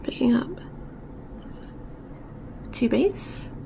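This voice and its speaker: A woman giving a step-by-step beading tutorial, talking softly and often dropping to a whisper as she works. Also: a little high, animated, very slow, gravelly. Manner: soft-spoken, often drops to a whisper while working.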